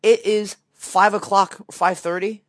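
A man's voice: high-pitched, measured pace, no echo. A young man co-hosting a podcast, telling a story in a casual way, acting out the voices in it, with many fillers. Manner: animated storyteller, acts out quoted dialogue, many fillers. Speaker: podcast co-host.

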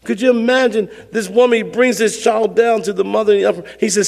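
A man's voice: high-pitched, steady tone, fast, creaky, few pauses, in a large hall. A male pastor preaching a sermon with emphatic, repetitive phrasing and call-and-response to the congregation.

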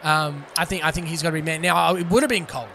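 Rambling man hosting, slightly high voice. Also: steady tone, fast, creaky, sharp tone, slight background noise. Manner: rambling, many fillers and restarts. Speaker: podcast host. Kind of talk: casual cricket video-game chat.

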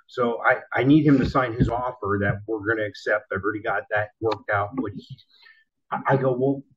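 A man casually telling a wild story from his car-selling days, animated and profane, acting out the people in it. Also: on the low side, a little fast, slight background noise. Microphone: laptop built-in mic. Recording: dull lo-fi laptop mic.

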